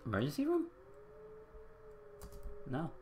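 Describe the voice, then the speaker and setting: A man's voice: a little high, huge pitch swings, takes it slowly, warm tone, a little hiss or hum. A man giving casual let's play commentary, wry and reactive, with swearing. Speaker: gaming video host.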